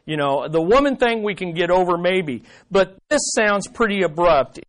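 A man preaching a sermon to his congregation, moving from loud emphasis to quiet, earnest asides and asking the listeners rhetorical questions. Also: sits high, expressive, normal speed. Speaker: pastor.

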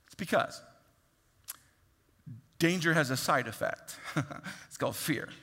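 Lively bright-voiced male preacher. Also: on the high side, in a large hall. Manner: animated, acts out voices and swings from loud to hushed. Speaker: pastor. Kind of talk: sermon.

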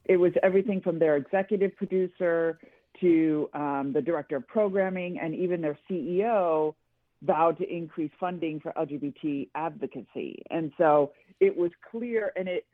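A woman's voice: low voice, moderate pace, dry recording. A middle-aged woman, a guest columnist, telling her story earnestly and emphatically in a radio interview. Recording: tinny dry phone line.

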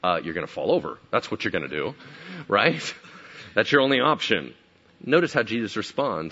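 A man preaching with a bright, lively voice that swings high and low, acting out scenes from the story. The recording sounds slightly dull and lo-fi. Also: fairly quick. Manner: animated, acts out biblical characters. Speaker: pastor. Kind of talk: sermon.

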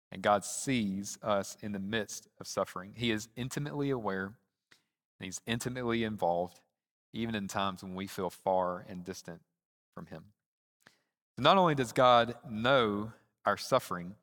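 A man's voice: fairly low pitch, a bit bright. Earnest male preacher in a reverberant hall. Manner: earnest, slows down to stress key phrases. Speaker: pastor. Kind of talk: sermon. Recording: long reverb of a large hall.

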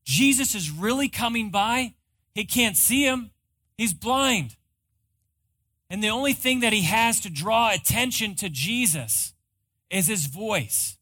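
Slow, dry-voiced preaching man. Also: high voice, expressive, no echo. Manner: dramatic storytelling, swings from loud to hushed. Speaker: pastor. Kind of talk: sermon.

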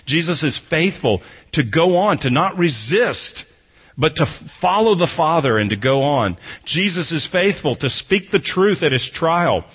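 A man's voice: a little high, very animated, measured pace, a bit bright, breathy edge. A man preaching an expository sermon who reads a scripture passage and then explains it, driving his points home through emphatic repetition. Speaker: pastor.

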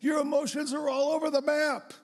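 A middle-aged man giving an earnest, expressive teaching talk as a Christian speaker, standing before an audience. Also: extremely high pitch, fairly quick. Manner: earnest and expressive, acting out emotional outbursts.

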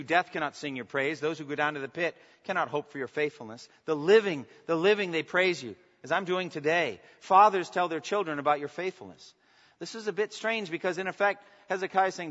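A man preaching a sermon as pastor, swinging from emphatic declarations to soft, intimate asides and asking the congregation for response. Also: a little high, quick pace. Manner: preaching with rising emphasis, then dropping to soft, intimate lines. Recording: long reverb, dull lo-fi sound.

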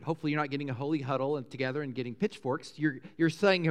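A middle-aged pastor delivers a sermon in a conversational, animated way, climbing loud and high when he gets excited. His voice sits a little high for a man. The sound carries a long reverb from the church hall. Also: racing, hardly any pauses.

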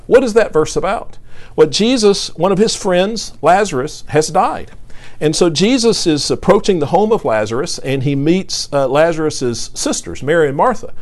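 A man preaching a sermon, reading scripture with earnest emphasis and often repeating words as he speaks. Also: a little high.

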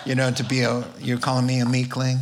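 A man preaching a sermon in an animated, jokey way, acting out quotes with big swings in his voice. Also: mid-range voice, fast, slight background noise.

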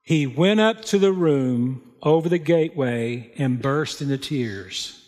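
A man's voice: medium pitch, expressive, darkish tone. A man preaching a sermon, reading scripture and adding plain, folksy comments. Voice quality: unhurried, plain spoken storytelling with folksy asides. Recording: long hall reverb.

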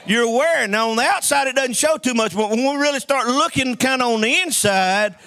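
A man's voice: very high-pitched, brisk, bright, forceful tone. A man preaching a sermon, telling folksy stories and calling for amens from the congregation. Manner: call-and-response preaching, folksy storytelling.

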